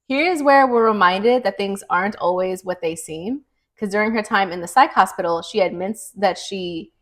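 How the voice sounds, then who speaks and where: Woman, young adult, podcast co-host, chatty, animated, casual recap. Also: medium pitch, moderate pace. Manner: chatty, animated storyteller, many "like" fillers. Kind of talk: casual book recap chat.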